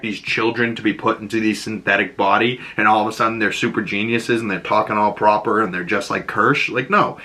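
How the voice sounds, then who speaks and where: A man with a Boston accent giving a casual, profane and excitable breakdown of a TV episode as its host. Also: lowish voice. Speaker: show recap host.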